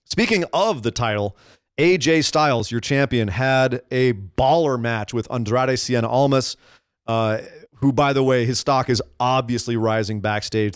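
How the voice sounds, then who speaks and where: Excitable man recapping wrestling. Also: medium pitch, clean tone, no room sound, studio quality. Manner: excitable, rambling with restarts. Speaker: podcast co-host. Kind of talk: casual wrestling chat.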